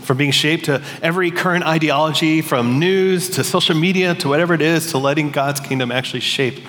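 A man's voice: a little high, brisk, fairly bright tone. A man preaching a sermon in a conversational, storytelling way, with frequent restarts. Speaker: pastor. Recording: long hall reverb, faint noise.

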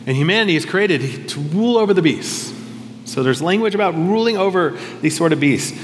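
A man's voice: fairly high pitch, long reverb tail, slight background noise. A male pastor preaching a sermon in a conversational, reflective way, often questioning himself aloud.

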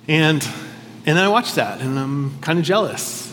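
A man's voice: a little high, lively intonation, moderate pace, a bit bright, slight background noise. Conversational male pastor in a reverberant hall. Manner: conversational, reflective, self-questioning. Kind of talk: sermon.

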